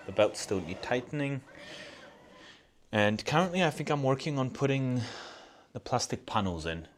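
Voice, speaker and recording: A man's voice: medium pitch, a little hiss or hum. A man hosting a live stream, chatting casually while he builds, rambling and restarting his sentences and laughing often.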